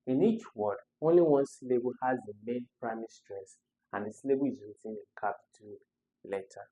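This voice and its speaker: A man's voice: mid-range voice, darkish tone, poor audio. A man, tutoring students through English exam questions step by step and repeating the key words.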